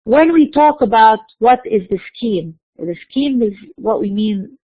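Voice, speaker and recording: A woman giving a recorded university lecture, explaining slowly and mixing in terms. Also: fairly high pitch, expressive, dry recording. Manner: explains slowly, spelling out letters, slipping into Arabic terms. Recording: dry tinny phone-like recording.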